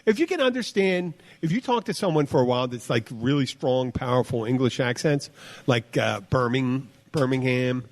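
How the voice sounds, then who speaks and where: A man's voice: mid-range voice, expressive, moderate pace. A middle-aged man, a bartender hosting a podcast, chatting casually and telling rambling stories with many restarts. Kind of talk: casual chat.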